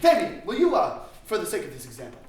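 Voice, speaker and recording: Pompous method-acting guru played by a man, lively swooping delivery, echoey far-off room. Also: high-pitched, fast talker, a little hiss or hum. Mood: grandiose. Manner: grandiose, theatrical lecturing. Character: pompous self-important male acting guru. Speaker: acting teacher.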